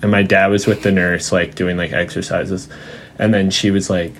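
Guy on a podcast, low gravelly voice, rambly storyteller full of likes and laughs, does his mom's voice. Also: flat delivery, moderate pace, a little hiss or hum. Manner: acts out his mom's voice when quoting her. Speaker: podcast guest. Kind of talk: casual chat.

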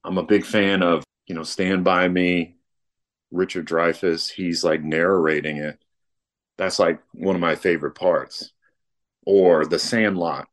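A man talking casually in an interview, relaxed and rambling, with lots of fillers. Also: low-pitched, a little slow. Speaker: guest, artist and father.

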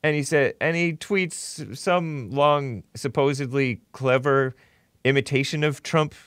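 A man's voice: medium pitch, slow, a bit bright, clean tone, no echo, studio quality. A man hosting a talk show, giving opinionated commentary with a mocking tone and frequent chuckles. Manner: mocking, chuckles often while reading posts.

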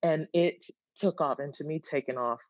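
A woman guest chatting in an interview, animated and quick to laugh. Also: low voice, dry recording. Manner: animated, laughs easily, restarts words. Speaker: guest, content creator. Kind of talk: casual interview chat. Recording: dull lo-fi, dry sound.

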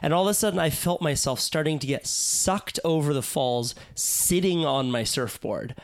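A man hosting a podcast, telling a personal story in a reflective way that trails off softly. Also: on the high side, normal speed, dry recording. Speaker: podcast host. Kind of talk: casual podcast conversation.

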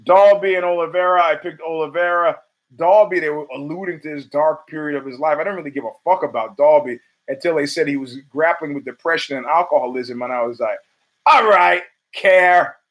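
A man's voice: on the high side, fast. A man hosting his own show, giving rambling, profane solo commentary full of restarts and fillers. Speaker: podcast host.

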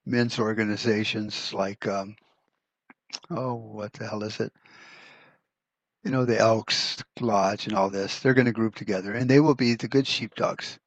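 Casting: low, husky man, profane rambling podcast host, dry close mic. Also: fairly even intonation, unhurried, dry recording, dull audio. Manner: blunt, profane, rambling with restarts. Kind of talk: casual rant podcast.

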